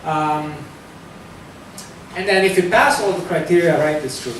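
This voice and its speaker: A man's voice: unhurried, fairly bright tone. A man giving a live technical talk to a room, loose and conversational, with fillers and self-corrections. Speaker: security talk presenter. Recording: echoey hall from far off, faint rumble.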